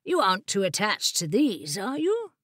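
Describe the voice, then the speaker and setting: A woman's voice: medium pitch, huge pitch swings, normal speed, a bit bright, husky, dry recording, clean studio sound, exaggerated voice. Woman reading a breezy male wizard. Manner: breezy and offhand. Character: genial, brisk male court wizard. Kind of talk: audiobook character voice.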